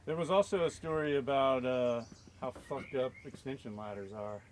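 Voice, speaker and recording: A man's voice: mid-range voice, normal speed, slight background noise. A man interviewing, asking brief, casual prompting questions.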